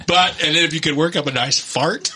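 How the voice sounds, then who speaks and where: A man's voice: a little high, a little fast, crowd noise. A man hosting a casual podcast chat, chatty and laughing often. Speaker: podcast host.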